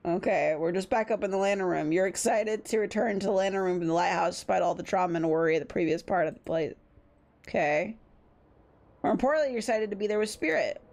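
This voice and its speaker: A woman's voice: medium pitch, fast talker, a little mellow. A young woman streamer reading a dating-sim game aloud with playful, irreverent commentary. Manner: playful, irreverent, laughs at herself. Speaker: VTuber streamer.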